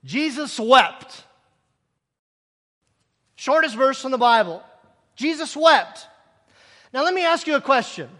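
Man, preacher, very high voice, rhetorical questions, long hall echo. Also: takes it slowly, long pauses. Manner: animated, acting out scripture scenes with rhetorical questions. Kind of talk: sermon.

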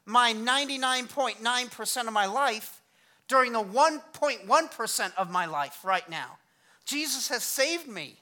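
A man preaching a sermon with a bright, forward tone. He keeps it conversational and energetic, slipping in self-deprecating humor as he teaches. He sounds middle-aged. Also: very high-pitched. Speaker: pastor.

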